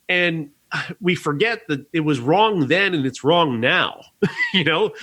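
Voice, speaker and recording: A man's voice: a little high, sharp tone. A man reviewing a documentary on a podcast, talking earnestly and rambling a little, with frequent restarts. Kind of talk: casual review chat.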